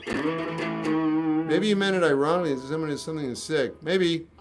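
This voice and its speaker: A man's voice: fairly high pitch, steady tone, normal speed, faint music behind. A man casually answering chat comments on a livestream with dry, jokey, offhand replies.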